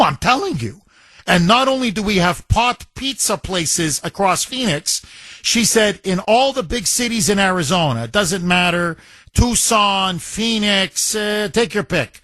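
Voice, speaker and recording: A man's voice: high voice, sharp tone, no echo. A man hosting a talk radio show, chatting animatedly with jokey asides and laughter. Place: radio studio. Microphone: studio microphone.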